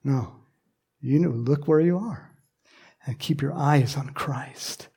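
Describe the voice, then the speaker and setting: A man preaching a sermon to his congregation, animated and emphatic, joking with people in the pews. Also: mid-range voice, slow, creaky, breathy edge. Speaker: pastor.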